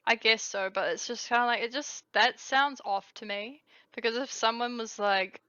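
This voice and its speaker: Kiwi woman chatting on a podcast, bright voice, dry slightly dull sound. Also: mid-range voice, fairly even intonation, normal speed, smooth, no echo. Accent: New Zealand. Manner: chatty, lots of fillers and laughs. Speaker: podcast co-host. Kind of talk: casual chat.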